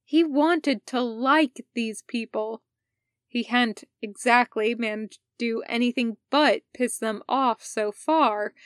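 A woman reading a fan fiction story aloud in calm, even narration. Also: a little high, no room sound, clean studio sound. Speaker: podfic reader.

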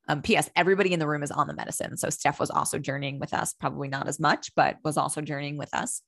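A woman's voice: low voice, fairly even intonation, fast talker, gravelly, hardly any pauses, a bit bright, no echo, studio quality. A young woman talking candidly and with animation, swearing casually as she tells a personal story and acts out her own thoughts.

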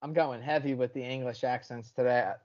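A man's voice: mid-range voice, steady tone, a little mellow, muffled recording. Brash, swearing sports betting host man. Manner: brash, swears freely, quick picks talk. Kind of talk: casual sports betting chat.

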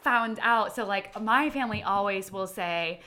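A woman's voice: medium pitch, unhurried. A woman co-hosting a podcast, telling stories in a casual, chatty way and acting out the people she quotes. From United States. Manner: chatty storyteller, animated quoting. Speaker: podcast co-host. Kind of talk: casual chat.

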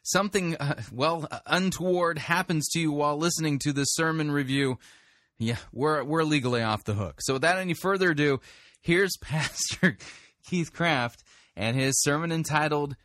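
A man hosting a podcast that reviews sermons, talking in a wry, sarcastic way with quick asides. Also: fairly high pitch, fairly bright tone, dry recording. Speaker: podcast host.

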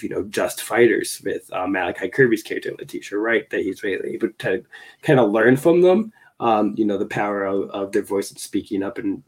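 Man, lowish voice, podcast film chat, hesitant, lots of fillers. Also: a little mellow. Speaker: podcast co-host or guest. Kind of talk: casual film-review chat.

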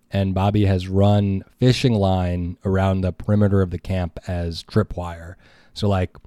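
A man's voice: sits low, warm tone, no room sound, clean studio sound. A man hosting a podcast, recapping a film plot in a loose, rambling way full of fillers. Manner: rambling, filler-heavy storytelling. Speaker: podcast host.

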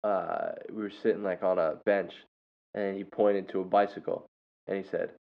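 A young man with a lowish voice tells a rambling, funny anecdote in a relaxed, casual way, cracking up as he goes. The recording is dull and lo-fi. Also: moderate pace, gravelly. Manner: laughs often, bursts into loud impressions. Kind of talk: casual storytelling. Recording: dull lo-fi sound.

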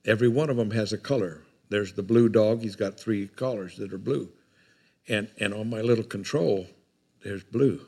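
A man's voice: fairly low pitch, moderate pace, darkish tone, breathy edge. An older man with a drawl delivers a sermon. His talk is homespun and rambling. He often repeats words as he works his way toward a point. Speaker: preacher.

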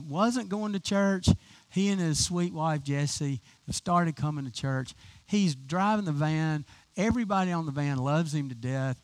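A man's voice: on the high side, no room sound. A man preaching an informal, chatty sermon to his congregation as their pastor, enthusiastic and full of restarts. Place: church sanctuary.

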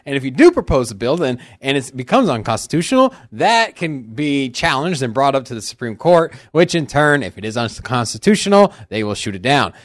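Blunt, lively podcast co-host man. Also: mid-range voice. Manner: blunt, argumentative, laughs easily. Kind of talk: casual podcast chat.

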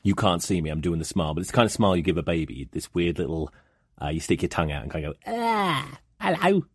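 Deep, husky man telling comic stories. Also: fairly even intonation, rapid-fire, no echo, clean studio sound. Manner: profane, rambling storytelling. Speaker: podcast host. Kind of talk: comic monologue.

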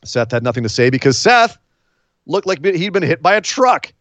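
Animated sarcastic man, lively pitch. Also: moderate pace, dry recording. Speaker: podcast host. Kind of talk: casual wrestling podcast chat. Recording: slightly dull lo-fi sound.

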